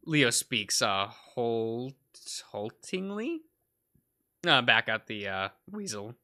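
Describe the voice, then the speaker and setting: Young guy stumbling thru a story on stream, slow and lively, faint music under. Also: mid-range voice. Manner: halting reading with many uhs and restarts. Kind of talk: reading a visual novel aloud on stream.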